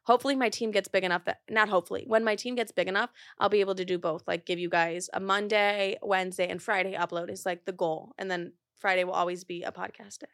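A woman's voice: medium pitch, steady tone, fast talker, few pauses, dry recording. A woman in her twenties hosting a podcast from a studio, chatting candidly and swearing casually. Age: 20s. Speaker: podcast host. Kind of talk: casual chat.

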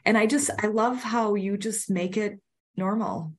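A woman hosting a faith podcast who speaks in a heartfelt, casual way and reacts with soft exclamations. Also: mid-range voice, measured pace. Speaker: podcast host.

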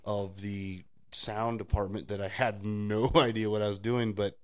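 A man's voice: fairly low pitch, little pitch movement, measured pace. A man co-hosting a casual faith podcast, rambling through personal stories and laughing often. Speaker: podcast co-host.

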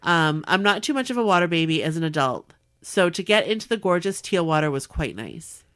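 A woman podcast host in casual chat, reading a listener's letter aloud with animated warmth. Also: fairly low pitch, brisk. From Southern California. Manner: warm, animated reading with laughs.

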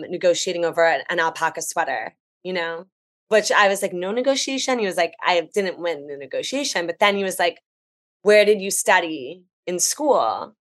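An American woman, a travel writer guesting on a podcast, telling stories in a chatty, animated, enthusiastic way. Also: lowish voice, normal speed. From United States. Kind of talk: casual podcast chat.

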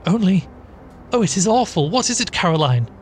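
A man's voice: medium pitch, expressive, a little fast, a little mellow, slight background noise, close to an everyday voice. A man voicing a timid, horror-stricken woman in a ghost story, stammering in fear. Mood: frightened. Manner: stammering, scared.

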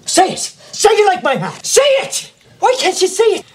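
A man's voice: extremely high pitch, wildly swooping pitch, moderate pace, heavily acted. An actor playing an insistent young man with a put-on Irish accent, demanding praise in a film clip. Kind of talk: film dialogue.

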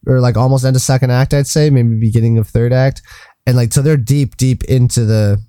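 A man's voice: medium pitch, fairly even intonation, fairly quick, mellow, clean tone, dry recording, clean studio sound. A man co-hosting a casual podcast, rambling through a film scene, searching for words and swearing casually. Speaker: podcast co-host. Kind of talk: casual chat.

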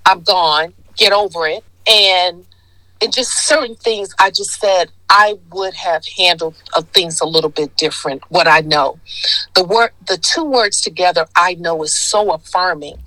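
Woman in her 60s, bright ringing voice, low-set pitch, animated storyteller, dry close sound. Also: unhurried, dry recording, low-quality recording. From Detroit. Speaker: guest, skincare founder. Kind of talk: casual storytelling interview.

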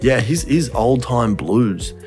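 A man's voice: mid-range voice, expressive, slow pace, a little mellow, soft background music. A young man, co-hosting a podcast and telling a family story in casual chat, swearing often and laughing as he talks. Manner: swears a lot, laughs through his story. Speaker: podcast co-host.

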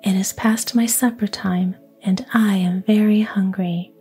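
A woman's voice: mid-range voice, steady tone, measured pace, husky, soft background music. A woman voicing a hungry, kindly male lion in a whispered role-play of a storybook tale. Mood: gruff. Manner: whispered, hushed.

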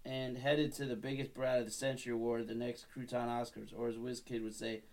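A man's voice: mid-range voice, little pitch movement, a little fast. A man in his thirties reading his childhood story aloud, breaking off with wry, self-mocking asides. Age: 30s. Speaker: podcast host.

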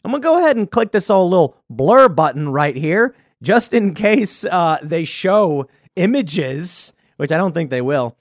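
A male show host reads news items aloud and answers them with blunt, opinionated commentary. His voice sits a little high for a man. The studio sound is dry and close. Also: expressive, a little fast, hardly any pauses, dry recording. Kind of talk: political commentary.

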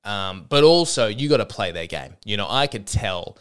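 A young man, a comedian hosting a podcast, telling a stage story in a casual, animated and profane way, often acting out the people he quotes. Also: lowish voice, normal speed, clear, resonant tone.

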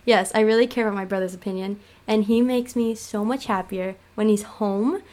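A woman's voice: medium pitch, steady tone, normal speed, darkish tone. A young woman joining a podcast as a guest, chatting casually, giggling and teasing her brother. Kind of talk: casual chat.

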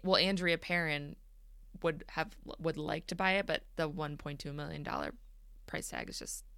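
A woman's voice: low voice, expressive, normal speed, creaky, sharp tone, no room sound. A woman co-hosting a podcast in casual chat, easygoing and agreeable, laughing often. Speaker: podcast co-host.

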